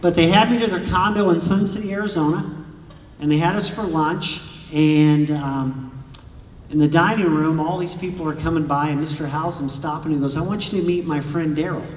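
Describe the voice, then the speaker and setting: Male author telling stories at a library talk, higher voice, far from the mic in a reverberant hall. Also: normal speed. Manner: lively anecdotal storyteller, acts out dialogue. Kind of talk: storytelling lecture to an audience. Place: large echoey lecture room. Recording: echoey hall from far off, faint hiss.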